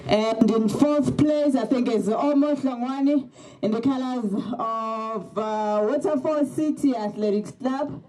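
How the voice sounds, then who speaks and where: Man, race commentator, very high voice, unhurried delivery, reads out places and clubs. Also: dark tone, rough recording. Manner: calls out positions and clubs in turn.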